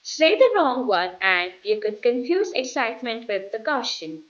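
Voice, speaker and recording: A woman teaching English pronunciation in a scripted lesson, modelling words clearly for the listener to repeat. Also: on the high side, sing-song, normal speed, lo-fi sound.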